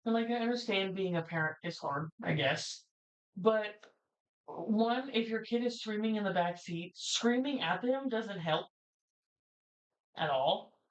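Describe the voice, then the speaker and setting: A woman's voice: mid-range voice, measured pace. Blunt young woman who swears freely. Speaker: podcast co-host. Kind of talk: casual chat. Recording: muffled lo-fi audio.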